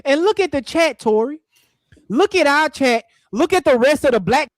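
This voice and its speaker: A man's voice: very high-pitched, expressive, normal speed, dry recording, poor audio. A man hosting a live reaction stream, talking casually and mocking the clip he answers. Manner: mocking, talks back at the clip. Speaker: livestream host.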